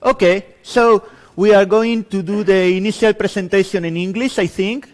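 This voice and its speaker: A conference speaker from Spain, a man with a Spanish accent, gives an improvised introduction to a lab in a conference room before an audience. He's chatty and self-deprecating, laughing between lines, and speaks at a moderate pace in a high voice with fairly even intonation.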